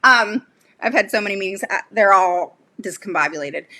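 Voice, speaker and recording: Bright, blunt fired-up woman advocate. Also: mid-range voice, animated, normal speed. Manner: blunt, fired-up, many "okay?" tags; rambling asides and sudden laughs. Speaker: special education advocate and channel host. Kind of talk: casual livestream talk to viewers.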